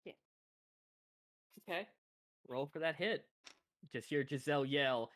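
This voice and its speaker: A man's voice: a little high, unhurried, pauses often, a bit bright. A man running a tabletop game as game master, narrating casually with chuckles and hesitant fillers.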